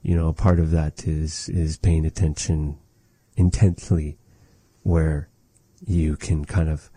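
A man giving a relaxed spoken language lesson, measured and thoughtful, with many pauses and fillers. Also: extremely low pitch, husky, dry recording. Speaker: language teacher.

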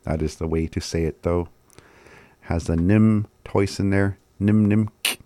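A man's voice: low voice, steady tone, measured pace, dark tone, dry recording. A man giving a casual language lesson, sounding words out syllable by syllable and often laughing at himself. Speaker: language teacher.

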